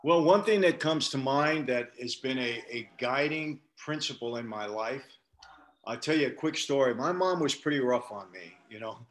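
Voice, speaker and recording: A man's voice: mid-range voice, expressive, moderate pace, fairly bright tone. An older man, a guest on an interview show, reflecting candidly and telling stories from his life with frequent restarts. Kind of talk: storytelling interview.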